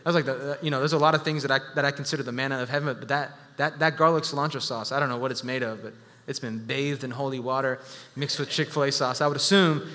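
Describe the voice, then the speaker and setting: Animated preacher man in a reverberant hall. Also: mid-range voice, fast talker. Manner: animated storytelling with self-deprecating humor and sudden bursts. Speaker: pastor. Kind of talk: sermon.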